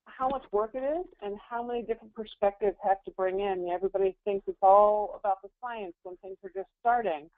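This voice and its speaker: A woman's voice: medium pitch, dry recording. Woman on a tinny phone line. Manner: thoughtful, with small fillers. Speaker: panelist and event organizer. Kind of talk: webinar panel discussion.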